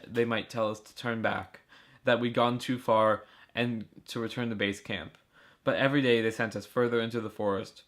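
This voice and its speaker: A man reading a novel chapter aloud for a school project, steady and earnest. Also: fairly low pitch. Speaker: student reader. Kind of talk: amateur audiobook reading.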